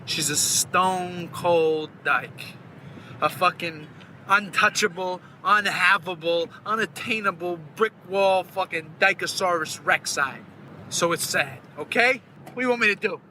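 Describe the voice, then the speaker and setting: A crude, self-pitying mobster rants in a bright, high-pitched, edgy voice. It is a movie clip with faint traffic noise behind it. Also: male voice, heavily acted, rough recording. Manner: profane rambling rant.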